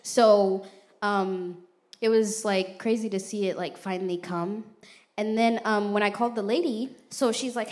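A young adult woman giving a casual, animated church testimony, retelling events and acting out quoted voices. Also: mid-range voice, a little slow.

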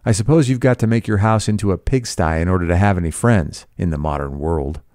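A man's voice: deep voice, brisk, a little mellow, no echo, studio quality, close to an everyday voice. A man reading the part of an arrogant, scornful rich husband, with a sneering, incredulous delivery.

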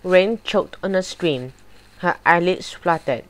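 A woman narrating a horror story aloud at an unhurried, deliberate pace. Her voice sits fairly low and stays even, reading line by line with steady care. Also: low-quality recording. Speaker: storybook reader. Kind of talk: audiobook narration of a horror chapter.

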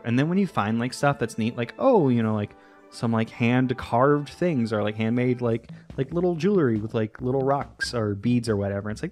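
A chatty man hosting a let's play, rambling along with casual swearing. His pitch is mid-range but very animated, and faint music plays behind him. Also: fairly quick. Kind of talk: casual game commentary.

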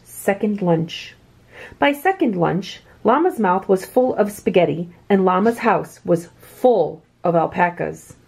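A woman reading a children's picture book aloud with expressive, swooping delivery. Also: on the low side, measured pace, gravelly, husky. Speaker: children's story reader.

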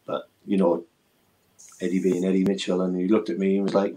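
A man's voice: low-pitched, flat delivery, a little fast, pauses often, mellow, poor audio. A middle-aged man, a former footballer telling earnest, emotional stories in a casual interview. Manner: earnest, emotional, rambling storytelling.

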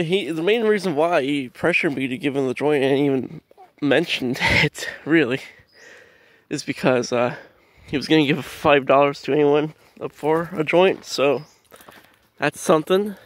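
A man's voice: a little high, a little slow, pauses often, no room sound. A young man telling a rambling story in a casual vlog, swearing freely and laughing often as he walks his dog in the woods. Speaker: vlogger. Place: outdoors in woods, walking dog.

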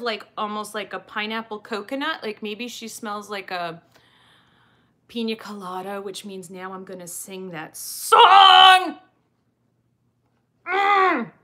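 A woman's voice: fairly low pitch, fairly bright tone. A woman hosting a doll review channel, chatting casually and goofily while she unboxes a doll and answers viewer questions.

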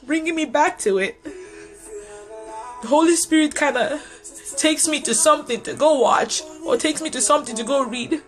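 A middle-aged woman preacher giving a personal, earnest sermon to online viewers, repeating lines for emphasis. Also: sits high.

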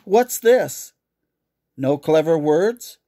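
A cruel old king who sneers and taunts, then roars in fury, as a man reads him aloud in a storybook. His voice sits fairly high and carries a gravelly edge. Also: fairly even intonation, measured pace, darkish tone. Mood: taunting, raging. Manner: taunting, roaring outbursts. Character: cruel aging tyrant king, raging and taunting.

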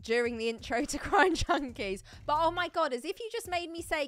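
A woman's voice: sits high, expressive, fairly quick. Chatty giggly woman streamer. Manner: chatty, giggly, answering viewers. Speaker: streamer opening trading card packs. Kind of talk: casual live-stream chat.

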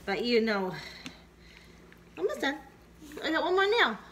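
A woman's voice: sits high, big pitch swings, measured pace, a bit bright. A woman vlogging at home, coaxing, scolding and praising her dogs while she trims their nails. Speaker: dog owner vlogger. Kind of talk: casual home video. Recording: noisy room with dogs and clicks.

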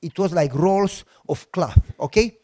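A man with a Romanian accent telling a personal testimony as a sermon, acting out the dialogue and bursting into shouts. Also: high voice, unhurried. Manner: animated storytelling with acted-out dialogue and shouted outbursts. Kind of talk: sermon storytelling.

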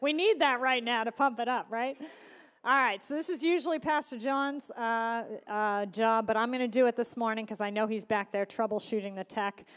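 A woman's voice: on the high side, moderate pace, a bit bright. A woman pastor giving church announcements in a chatty, informal way, with many fillers. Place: church hall. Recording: long reverb of a church hall.

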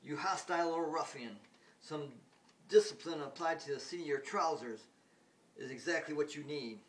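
A man voicing a pompous, fussy older man, reading his lines louder and higher. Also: normal speed, far from the mic, a little hiss or hum, lightly acted. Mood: sneering.

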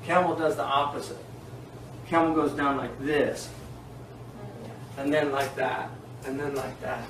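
A man teaching Islamic law in an informal classroom lecture, animated and digressive, often laughing. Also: mid-range voice, unhurried. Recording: echoey room, distant mic, faint hiss.

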